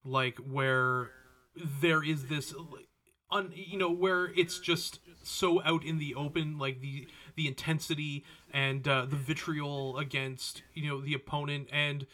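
A man with a fairly high, bright voice co-hosts a casual podcast chat. He often trails off and restarts his sentences, then asks his guest questions. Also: measured pace. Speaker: podcast co-host.

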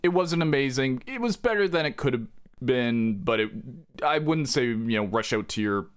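A man's voice: medium pitch, moderate pace, clear, resonant tone. A man co-hosting a casual podcast, rambling and correcting himself as he goes. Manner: rambling, animated, self-correcting. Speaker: podcast co-host. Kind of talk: casual chat.

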